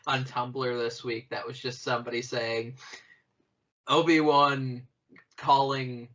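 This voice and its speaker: A man's voice: mid-range voice, monotone, moderate pace, a bit bright. A man co-hosting a podcast, riffing casually and rambling, with frequent swearing. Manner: rambling, swearing, fond of silly voices. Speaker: podcast co-host. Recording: dull lo-fi sound.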